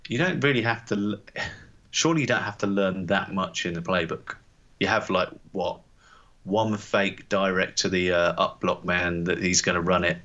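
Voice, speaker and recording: A man's voice: sits low, moderate pace, pushed and bright. A man with an Irish accent co-hosting a sports podcast, talking in a laid-back, rambling way. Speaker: podcast co-host. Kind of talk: casual sports podcast chat. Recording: dull lo-fi sound.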